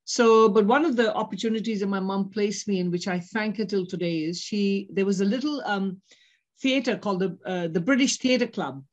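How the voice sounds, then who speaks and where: A woman's voice: medium pitch, brisk, lo-fi sound. A woman from Kenya, an educator, talking chattily as an interview guest. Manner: chatty, laughs easily. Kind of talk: conversational interview.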